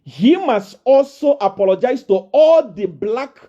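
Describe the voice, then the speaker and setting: High, animated, defiant preacher man. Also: unhurried, dull audio. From Nigeria. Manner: boastful, defiant, repetitive, rising to shouts. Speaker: self-proclaimed prophet. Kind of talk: preaching to a congregation.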